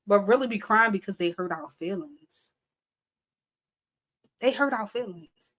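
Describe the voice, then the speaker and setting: A woman's voice: fairly high pitch, lively intonation, normal speed, long pauses, a bit bright. A young adult woman hosting a casual live-stream chat, talking animatedly, laughing often and reading viewer comments aloud. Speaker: live show host.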